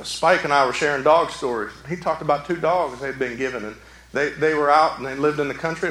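A man preaching a sermon, his voice pitched high and ringing bright. He swings between fervent shouts and hushed, quiet asides. The sound carries a roomy echo, as in a church hall. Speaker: pastor.

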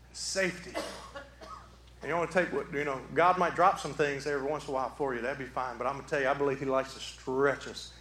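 A man preaching a sermon from the pulpit, animated, swinging from quiet talk to shouting. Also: a little high, a little hiss or hum. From southeastern Michigan. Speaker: pastor. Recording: echoey hall.

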